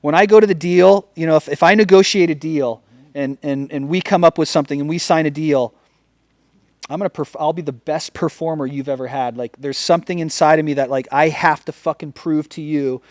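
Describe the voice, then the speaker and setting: Northern California man, founder-guest type, a swearing, emphatic raconteur with a slightly raised pitch and a dry, close mic. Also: a little fast, darkish tone, no room sound. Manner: profane, emphatic storyteller. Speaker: podcast guest, company founder. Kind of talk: casual interview storytelling.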